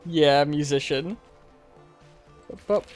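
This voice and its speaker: Casual male streamer, slightly high voice, chatty and loose. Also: slow, a little mellow, faint music behind. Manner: rambling, informal, swears. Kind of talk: casual live-stream game commentary.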